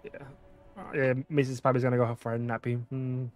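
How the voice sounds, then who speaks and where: A man's voice: medium pitch, little pitch movement, fairly quick, faint music behind. A man streaming a video game, casually reading out dialog choices and thinking aloud about what to pick. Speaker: gameplay streamer. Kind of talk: casual let's-play commentary.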